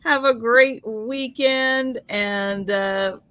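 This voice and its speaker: A woman's voice: a little high, extremely slow, a bit bright. A woman hosting a live stream over a video call, speaking in a friendly, casual way. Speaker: host. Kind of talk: casual chat.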